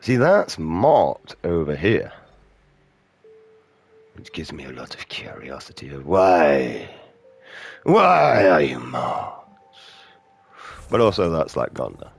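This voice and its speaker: British guy ranting and swearing over a game, real deep voice. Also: big pitch swings, slow pace, gravelly, pauses often. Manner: ranting, profane, swaggering. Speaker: gaming streamer. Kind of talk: casual commentary over gameplay.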